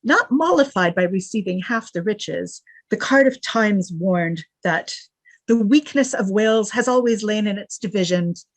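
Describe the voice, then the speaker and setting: A woman delivering an academic lecture at a middle pitch, moving between read-out quotations and dry, wry asides. The sound is close and dry, with no room echo. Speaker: guest lecturer. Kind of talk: scholarly lecture reading from notes.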